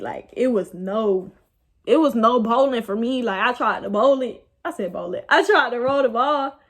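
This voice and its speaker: A young woman, casually telling a rambling, animated story about her night out. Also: fairly high pitch. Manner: animated, rambling, laughs at herself. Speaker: vlogger.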